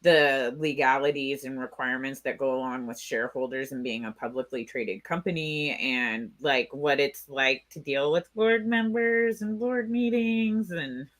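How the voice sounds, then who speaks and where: A woman's voice: very deep voice, measured pace, hardly any pauses, a bit bright. A woman guest in a casual interview, blunt and wry, laughing at her own jokes.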